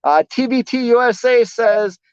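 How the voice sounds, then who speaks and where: A relaxed man rambles through viewer comments on his trucking stream, joking at his own expense. The sound is dull and lo-fi, and it is dry and close with no room echo. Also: very high-pitched, moderate pace, clear, resonant tone. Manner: rambling, easygoing, self-deprecating, many "like"s. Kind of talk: casual live-stream chat reading comments.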